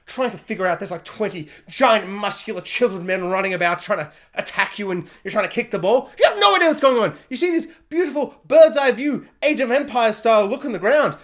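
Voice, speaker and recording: An animated man reviewing a series in a casual, joking way, often breaking into quick impressions. His pitch swings widely as he talks, rising sharply when he gets excited. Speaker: video reviewer. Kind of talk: casual spoken film review.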